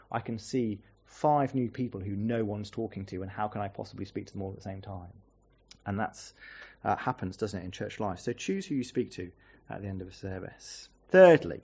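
A man's voice: fairly low pitch, a little mellow, dull audio. A man preaching a sermon as a visiting pastor, earnest and asking the congregation rhetorical questions.

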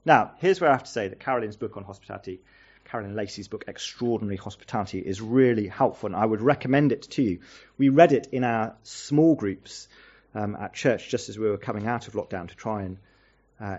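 A man's voice: fairly low pitch, slightly rough, muffled recording. Man preaching with earnest rhetorical questions. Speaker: visiting pastor. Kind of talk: sermon.

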